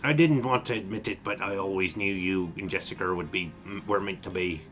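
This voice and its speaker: A man voicing a gruff, warm-hearted older father with a put-on Irish accent, reading game dialogue aloud with hearty laughs. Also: low voice, brisk, soft background music. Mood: fatherly.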